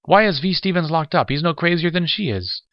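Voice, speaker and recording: A man voicing an excitable idealistic man who pleads against violence, rising high when upset. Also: fairly quick, no echo, highs cut off, close to an everyday voice. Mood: agitated. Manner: pleading, stammering when agitated.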